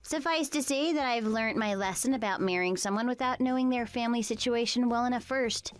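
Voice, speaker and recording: A woman's voice: fairly high pitch, fairly quick, faint music behind. A woman narrating a text-message story in a plain, matter-of-fact way.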